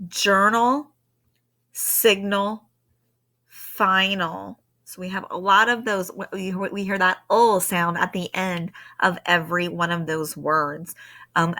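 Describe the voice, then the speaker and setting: Bright-voiced woman teaching a spelling lesson. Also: lowish voice. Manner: patient, explains step by step. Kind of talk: recorded spelling lesson for students.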